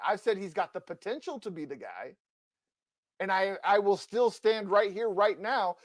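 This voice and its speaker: A man's voice: high-pitched, dry recording. Fired-up sports podcast man, dry close mic. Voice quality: passionate, emphatic and combative. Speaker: podcast co-host.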